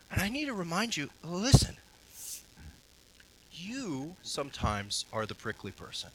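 High, bright-voiced preacher man. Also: poor audio. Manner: earnest, exhorting, emphatic repetition. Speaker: pastor. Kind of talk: sermon.

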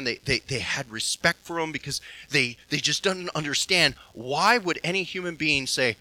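Pastor, male, emphatic sermon delivery, very bright, cutting tone. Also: a little high, expressive, moderate pace, poor audio. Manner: preachy, emphatic, with swings between soft and loud passages. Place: church hall with a congregation.

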